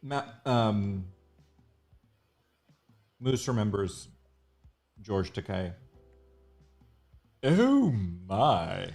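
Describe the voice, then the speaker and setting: A man's voice: on the low side, big pitch swings, extremely slow, vocal fry, pauses often, a little mellow, faint music behind. A man hosting a live sketch stream, joking around and mocking himself in casual banter. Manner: joking, self-mocking, playful. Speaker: livestream host sketching live.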